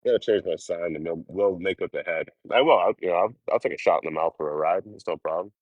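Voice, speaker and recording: A man's voice: sits low, fast, no room sound, phone-quality sound. A man chatting casually with his livestream viewers, rambling and swearing as he talks about life on the road. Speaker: livestreaming traveler.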